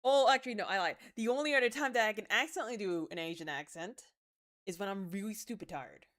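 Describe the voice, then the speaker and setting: A young woman streaming a game, chatting casually, swinging from mumbles to excited outbursts, swearing and laughing as she tells stories. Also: medium pitch, quick pace. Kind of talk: casual livestream chat while gaming.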